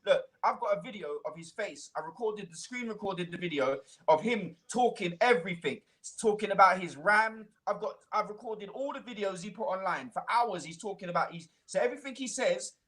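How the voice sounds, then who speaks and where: Man, heated rant, high-pitched, stumbling restarts. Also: brisk, hardly any pauses. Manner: animated, stumbling restarts, mimics others. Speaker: guest on a livestream. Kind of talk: heated ranting complaint.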